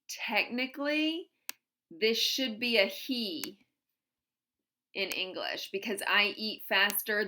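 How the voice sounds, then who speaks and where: Slow, bright-voiced woman teaching grammar. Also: mid-range voice. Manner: patient, explains step by step with examples. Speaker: German teacher. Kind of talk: classroom grammar lesson.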